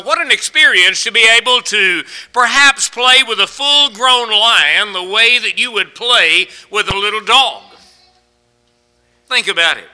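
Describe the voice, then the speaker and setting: A man's voice: high-pitched, pushed and bright, smooth, rough recording. A man preaching a folksy sermon, asking his congregation question after question and stretching out the key words. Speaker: pastor.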